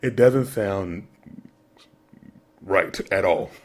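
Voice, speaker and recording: A man co-hosting a sports podcast rants about commercials in a mocking, incredulous way, as casual sports commentary. His voice sits low and he speaks extremely slowly.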